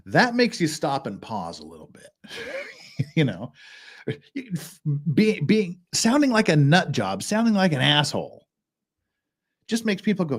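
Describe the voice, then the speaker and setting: A man's voice: a little high, huge pitch swings, unhurried. A man hosting a legal commentary show, talking casually in a rambling way with restarts and chuckles. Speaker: host of a legal commentary channel.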